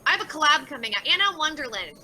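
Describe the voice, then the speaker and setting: A woman's voice: high voice, big pitch swings, fast, sharp tone, a little hiss or hum, poor audio. A woman livestreaming and reading out chat messages, talking bluntly with lots of swearing and exasperation.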